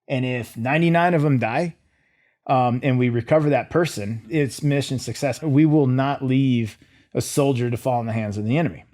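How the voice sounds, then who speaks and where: A man's voice: medium pitch, moderate pace. Laid-back man telling a war story. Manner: relaxed, conversational, with frequent fillers and light humor. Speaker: military veteran interview guest. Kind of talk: casual storytelling in a podcast interview.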